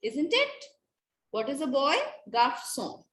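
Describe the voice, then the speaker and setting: Brief: woman teacher, slow and measured, slightly high voice, echoey classroom. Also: big pitch swings, fairly bright tone. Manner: slow, patient, repeats and quizzes students. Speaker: French teacher. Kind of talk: classroom lecture. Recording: echoey room with faint noise.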